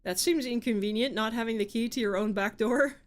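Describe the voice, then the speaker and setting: A woman's voice: fairly high pitch, a little fast. A woman streaming a horror game, reading dialogue aloud and chatting with wry asides. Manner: chatty, wry asides between read lines.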